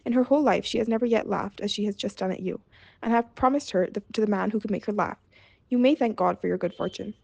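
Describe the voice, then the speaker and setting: A woman's voice: medium pitch, fast talker, vocal fry, darkish tone, husky, no room sound. A woman reading as a stern fairy-tale king. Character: stern commanding old king.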